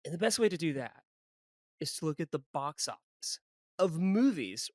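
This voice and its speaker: A young man co-hosting a movie podcast, animated and jokey, laughing often as he chats. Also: a little high, fairly quick, no room sound. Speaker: podcast co-host. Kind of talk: casual movie podcast chat.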